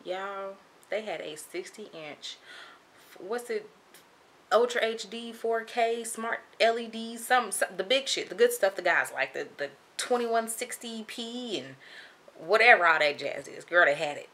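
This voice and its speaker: A young woman telling a casual storytime, animated and chatty, acting out what people said. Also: medium pitch, measured pace. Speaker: vlogger.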